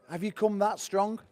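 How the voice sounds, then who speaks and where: A brash man hosts a press conference and hypes up the fighters in a noticeably high voice. He jokes and swears freely while he banters with the guests. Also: warm tone. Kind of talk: hype introductions and banter.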